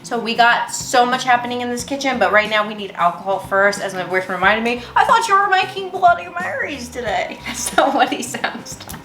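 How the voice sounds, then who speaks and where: A woman hosting a casual cooking vlog from her home kitchen, bubbly and joking, swearing casually as she goes. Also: mid-range voice. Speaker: host. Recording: echoey kitchen with music.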